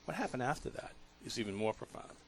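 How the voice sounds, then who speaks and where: A man hosting a talk radio show, telling a story in an earnest, emotional way with halting restarts. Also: medium pitch, very animated, a little hiss or hum.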